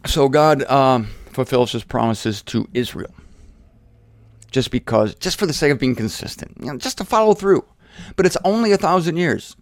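A man's voice: medium pitch, lively intonation, normal speed, no room sound. A man teaching the Bible in a conversational, digressive way, with self-deprecating asides.

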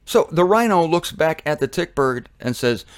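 A man giving a sermon in an animated, conversational way, often acting out voices. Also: a little high, moderate pace, no echo. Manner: animated, conversational, acts out quotes.

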